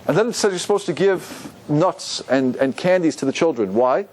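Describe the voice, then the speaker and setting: A rabbi giving a lively Torah class to an audience, often asking them questions. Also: male voice, a little high, moderate pace. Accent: Ashkenazi Hebrew pronunciation.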